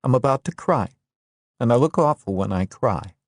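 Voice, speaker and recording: Man doing a young woman, spirited, quick-tempered, higher voice, lively pitch, dry sound. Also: dry recording. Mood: tender.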